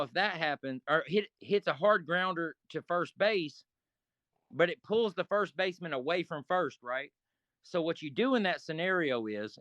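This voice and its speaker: A middle-aged man telling a casual, profane story in an interview, with animated asides. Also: fairly high pitch, no room sound. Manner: profane, animated, acts out quoted arguments. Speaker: interview guest.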